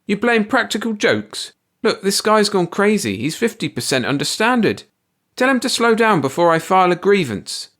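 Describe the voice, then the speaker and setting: A man's voice: high-pitched, very animated, normal speed, fairly bright tone, pitched above the performer's own voice. A man voicing an angry, sweating male machinist who snaps and complains. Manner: snappish, complaining.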